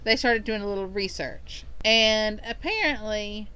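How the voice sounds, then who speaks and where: A woman's voice: mid-range voice, unhurried, bright, forceful tone, clean tone, rough recording. A woman from Kentucky, co-hosting a podcast and recounting a story in a rambling, casual way with frequent ums. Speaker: podcast co-host.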